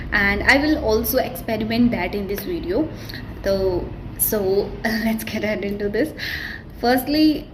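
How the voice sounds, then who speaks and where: A woman, not a native English speaker, giving a casual self-recorded pronunciation tutorial and talking quickly with many restarts. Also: mid-range voice, noisy background. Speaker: vlogger teaching English pronunciation.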